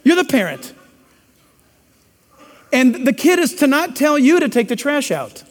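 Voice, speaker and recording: A man's voice: very high voice, big pitch swings, unhurried. A man preaching a sermon in a church, emphatic and preachy with joking asides. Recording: long hall reverb.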